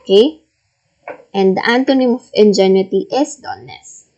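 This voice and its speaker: A woman's voice: medium pitch, warm tone, lo-fi sound. A woman teaching a recorded reading lesson, patiently reading out word lists and checking answers. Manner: slow, patient, repeats and models each word.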